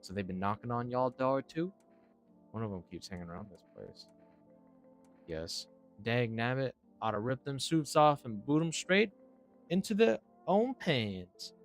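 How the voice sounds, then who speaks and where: A man voicing a loud, folksy old mama with a slow drawl. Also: lively intonation, faint music behind. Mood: scornful. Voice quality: drawling, booming.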